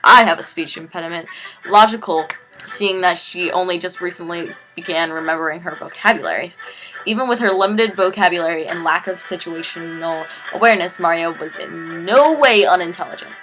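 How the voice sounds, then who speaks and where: A woman reading a dialogue game aloud in a casual way, tripping over words and fixing them as she goes. Her voice is fairly low yet bright and crisp. Faint music plays behind her. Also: fairly quick, low-quality recording. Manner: stumbles and self-corrects while reading. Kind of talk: casual reading of a visual novel.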